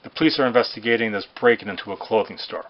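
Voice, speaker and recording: A man telling jokes in a rambling way, with restarts and hesitant pauses. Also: on the low side, noisy background. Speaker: joke teller. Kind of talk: amateur joke telling. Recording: dull lo-fi recording.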